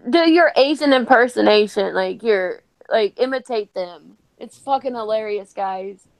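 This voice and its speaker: A woman's voice: fairly high pitch, measured pace. A woman hosting a crude casual chat who eggs her guest on. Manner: egging the guest on, laughing, crude. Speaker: host.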